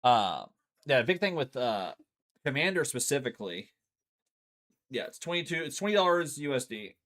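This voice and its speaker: A man's voice: mid-range voice, very animated, normal speed, fairly bright tone. A man casually chatting and explaining a card game as he streams from home, loose and chatty, swearing freely. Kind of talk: casual chat while playing.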